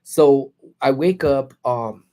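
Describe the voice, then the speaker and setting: Man host telling a story on a lunchtime livestream, laid-back and slangy, mid pitch. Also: slow, warm tone. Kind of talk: casual storytelling. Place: parked car.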